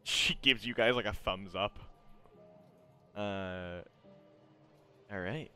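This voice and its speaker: A man's voice: lowish voice, slow, pushed and bright, clear, resonant tone, faint music behind. A young man narrating casually as game master, loose and rambling with frequent laughs.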